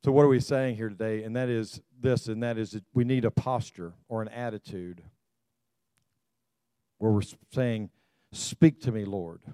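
A man's voice: fairly low pitch, steady tone, moderate pace, mellow, clean tone, no room sound. An older man preaching a sermon as a pastor, exhorting the congregation, repeating calls to them and often stumbling and restarting his phrases.

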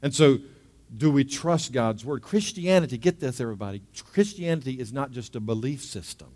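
Male pastor, middle-aged, sermon, hushed stories building to fervent loud preaching. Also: mid-range voice, expressive, a little fast.

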